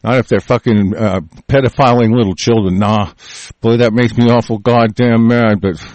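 A man's voice: medium pitch, fairly even intonation, normal speed, a little mellow, dry recording. A man hosting a show, ranting angrily about the news, with constant swearing and many restarts. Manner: angry, crude, swearing constantly, repeats and restarts. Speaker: show host. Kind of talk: profane political rant.

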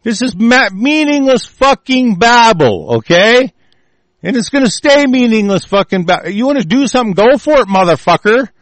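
High-voiced guy ranting furious and swearing nonstop, dry close sound. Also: very animated, moderate pace, dry recording. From United States. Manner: furious, profane, shouting threats. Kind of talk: angry political rant.

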